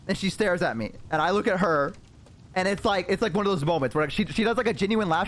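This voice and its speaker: Man, streamer, casual storytelling, rambling, filler-heavy, bouncy pitch. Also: animated, quick pace, a bit bright.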